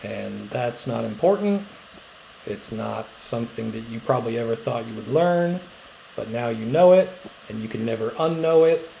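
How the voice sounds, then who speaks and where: Guy teacher with a gravelly fry in his voice, laid-back joking lecture, lots of uhs. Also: medium pitch, lively intonation, normal speed, mellow, slight background noise, poor audio. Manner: chatty and joking, many "uh" fillers and rambling asides. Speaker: middle school social studies teacher. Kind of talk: casual recorded class lecture.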